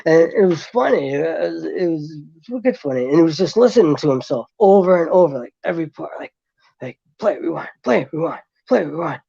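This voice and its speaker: A man tells a backstage story in a mellow, dry-sounding voice, stumbling through fillers and restarts. He grows animated as he retells it. The recording is dull and lo-fi. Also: on the high side, a little fast, gravelly, no room sound. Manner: rambling, full of fillers and restarts; animated when retelling events. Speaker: guest. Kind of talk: casual storytelling.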